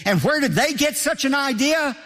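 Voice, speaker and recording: A man's voice: very high voice, lively intonation, moderate pace, pushed and bright, big-room sound. A man preaching a sermon as pastor, emphatic, asking rhetorical questions and hammering points home with repetition.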